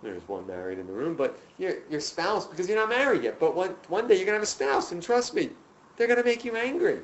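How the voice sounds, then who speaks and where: A man teaching a class, telling stories in an animated, emphatic way and addressing the students directly. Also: sits high, fast talker, muffled recording, slight background noise. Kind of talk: lecture to a class. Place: room with students.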